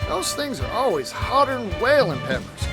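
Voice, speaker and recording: High lively folksy merchant, drawly and upbeat, game music underneath. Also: male voice, moderate pace, full character voice. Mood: musing. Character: cheerful folksy young male traveling merchant. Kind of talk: game voice acting. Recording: game audio with music behind.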